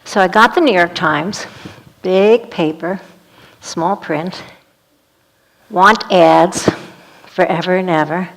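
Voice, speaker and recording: A woman's voice: on the low side, slow, pauses often. A woman performing a one-woman play as a vivid, dramatic storytelling monologue.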